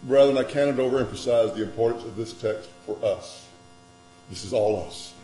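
A man preaching a sermon, dramatic, swinging between loud emphasis and quiet scripture reading. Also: medium pitch, moderate pace. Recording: echoey room with mains hum.

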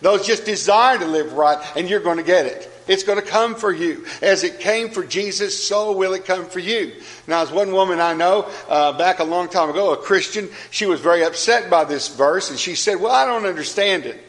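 A man with a notably high voice delivers an earnest sermon. He reads scripture aloud and returns to his main points with emphatic repetition. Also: normal speed, a bit bright, low-quality recording. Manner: earnest, emphatic, repeats key phrases. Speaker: preacher.

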